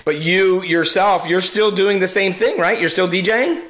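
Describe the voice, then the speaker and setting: A man's voice: high voice, moderate pace. A middle-aged man with a New Jersey accent, hosting a casual chat and laughing often. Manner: warmly encouraging, laughs often. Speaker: host. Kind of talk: casual conversation.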